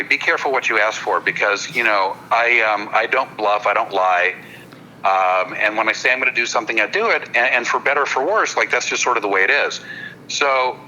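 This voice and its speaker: Bright-voiced man telling a story. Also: medium pitch, slight background noise, rough recording. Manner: halting, repeats words while building a story; apologetic, checks in with listeners. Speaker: podcast guest, hypnotist comedian. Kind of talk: casual anecdote-telling on a podcast.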